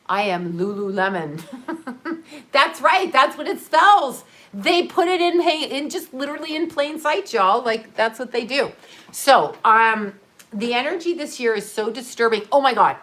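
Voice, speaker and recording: A woman's voice: fairly high pitch, bright, forceful tone. A middle-aged woman chatting casually on a livestream, rambling, laughing often and talking straight to her viewers. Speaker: livestream host. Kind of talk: casual livestream chat reading comments.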